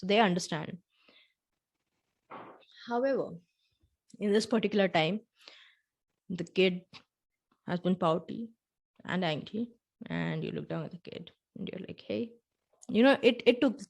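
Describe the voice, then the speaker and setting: A woman hosting a podcast, talking the listener through a scenario in the second person with soft asides, and slowing down on key points. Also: mid-range voice, creaky. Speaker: podcast host. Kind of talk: reflective storytelling podcast.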